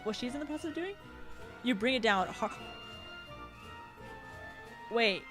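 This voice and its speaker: A woman's voice: fairly high pitch, animated, a little slow, over music. A woman streamer reading a visual novel aloud, adding giggly, sweary asides. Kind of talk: reading a game aloud with commentary.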